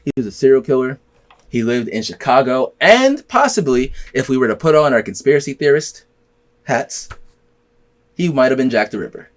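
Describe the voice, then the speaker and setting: A man's voice: mid-range voice, very animated, moderate pace. A man hosting a podcast, telling stories in a loose, rambling way full of slang and swearing. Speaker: podcast host. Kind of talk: casual chat.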